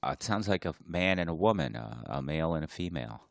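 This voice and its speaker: A man's voice: very deep voice, lively intonation, fast, gravelly, dry recording, clean studio sound. A man co-hosting a podcast in casual chat, wisecracking and laughing often. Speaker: podcast co-host.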